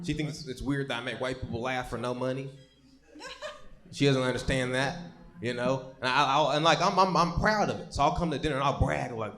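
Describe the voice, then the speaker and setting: A young man with a mid-range voice and a fairly quick pace works through a live stand-up routine. As a comic on a comedy stage, he tells meandering, foul-mouthed stories and keeps stumbling into stammered restarts.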